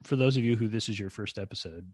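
A fairly low-pitched American man chatting as a podcast co-host. He rambles, restarts his thoughts and drops wry little jokes. The sound is dry and close, with no room around it. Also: quick pace, a little mellow, breathy edge, dry recording. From United States. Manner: rambling, self-correcting, wry. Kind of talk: casual chat.

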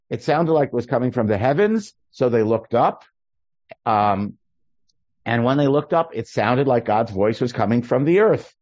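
A man teaching a class on a text, explaining lively and checking in with his listeners as he goes. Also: medium pitch, no room sound, muffled recording. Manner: animated, questioning, checks in with "okay?" and "right?". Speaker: teacher leading a study class.

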